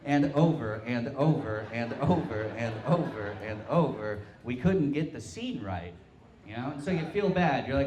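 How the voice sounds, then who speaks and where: A young man from Tulsa performing a stand-up set with deadpan, self-mocking crude punchlines. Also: medium pitch, normal speed, background noise. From Tulsa, Oklahoma. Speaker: stand-up comic. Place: brewery comedy stage, live crowd. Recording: roomy live-venue sound.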